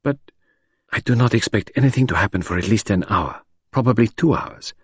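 A man voicing a fastidious elderly detective who speaks in a clipped, formal way with French touches. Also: lowish voice, expressive, husky, dry recording, studio quality. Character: fastidious elderly male detective, polite and sharp.

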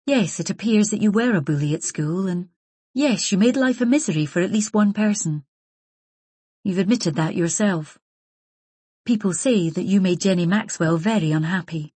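Brief: woman narrator voicing a steady, kindly comforter, storybook reading, husky. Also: mid-range voice, moderate pace, no room sound, natural voice. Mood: firm. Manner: gentle, firm, reassuring. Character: earnest grown woman comforting an old classmate. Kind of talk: audiobook character voice.

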